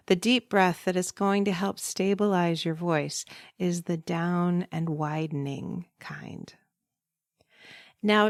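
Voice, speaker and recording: A woman talks through breathing like a patient voice coach on a podcast. Her pace is unhurried and deliberate, her pitch a little low. The sound is dry and close, with no room around it. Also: dry recording. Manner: calm, instructive, unhurried. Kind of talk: podcast teaching monologue.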